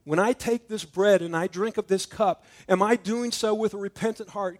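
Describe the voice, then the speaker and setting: A high-pitched middle-aged pastor preaches at normal speed with hardly any pauses in a communion sermon. His delivery swings from loud and emphatic to hushed and intimate, and he acts out the conversation in his story.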